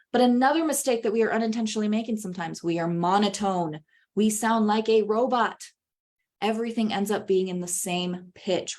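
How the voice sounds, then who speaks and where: Woman giving a speaking webinar, animated, voice jumps up and down a lot for emphasis. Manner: animated, swings her pitch widely for emphasis. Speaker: public speaking coach. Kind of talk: webinar presentation.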